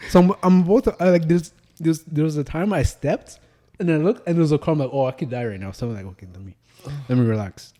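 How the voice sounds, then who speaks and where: A young man co-hosting a casual podcast tells stories with rising animation, getting loud and heated as he goes. His voice is fairly high-pitched and his pace quick.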